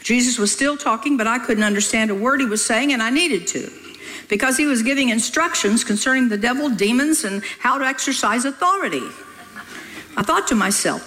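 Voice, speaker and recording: Older woman preaching with lively exclamations. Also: fairly high pitch, brisk, low-quality recording. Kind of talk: sermon.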